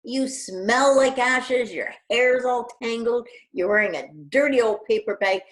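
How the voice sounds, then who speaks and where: A woman's voice: on the high side, a little slow, voice pushed up, close to an everyday voice. A woman voicing a spoiled young prince who scolds in a haughty way. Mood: snooty.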